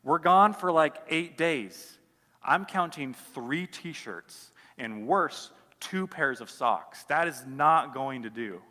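A pastor preaching a sermon in a casual, conversational way, full of "like" fillers, swinging between loud emphasis and quiet asides. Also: male voice, on the high side, lively intonation, slow, in a large hall.

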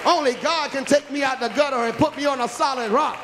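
High-voiced shouting preacher in a hall. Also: male voice, fast talker, few pauses, slight background noise. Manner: impassioned, climbing into shouts. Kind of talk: sermon. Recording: reverberant hall.

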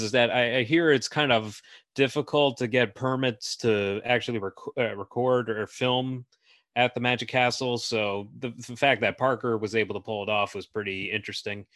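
A man's voice: medium pitch, fairly bright tone, no echo, studio quality. A man hosting a podcast, chatting casually about films with frequent fillers and restarts. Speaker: podcast host. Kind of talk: casual film discussion.

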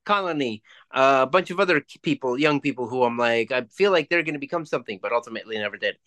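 A man co-hosting a podcast, chatting casually, swearing freely and ranting in quick bursts. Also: medium pitch, lively intonation, fairly bright tone. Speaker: podcast co-host. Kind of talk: casual chat.

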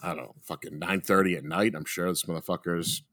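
Young guy with a bright forceful voice, cussing a ton and acting out quotes, just chatting. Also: low voice, a little fast. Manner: animated, heavy swearing, acts out quotes. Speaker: podcast co-host telling a story. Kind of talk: casual profane storytelling.

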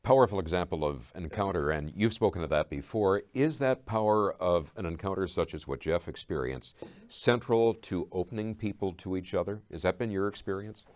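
Male host, low voice, measured questions. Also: a little mellow. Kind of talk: interview questions.

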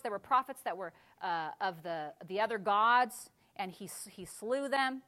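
A woman pastor preaching a sermon, dropping to a hush and then building to loud, fervent exhortation. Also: mid-range voice, moderate pace, hardly any pauses.

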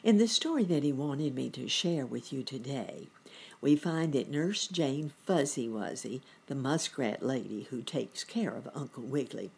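Give me a woman storyteller with a low, breathy voice reading slowly to children. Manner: slow, lilting and animated. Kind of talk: storybook read-aloud.

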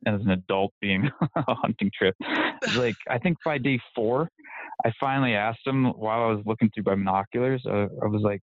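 A man's voice: fairly low pitch, brisk, dry recording. A man chatting as a podcast guest, rambling and self-deprecating, laughing often. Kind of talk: casual interview chat. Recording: tinny phone-like line.

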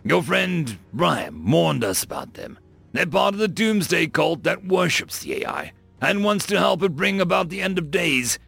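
A man's voice: a little high, big pitch swings, normal speed, creaky, a bit bright, slightly rough, faint music behind, voice pushed up, full character voice. A man voicing a hard-bitten human soldier who speaks bluntly and without pity. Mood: urgent. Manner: blunt, callous.

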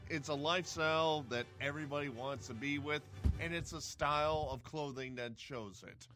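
A man's voice: on the high side, normal speed, bright, forceful tone, soft background music. A man co-hosting a podcast, chiming in with short quips and jokes during the ad reads. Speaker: podcast co-host. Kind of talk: casual banter during ad reads.

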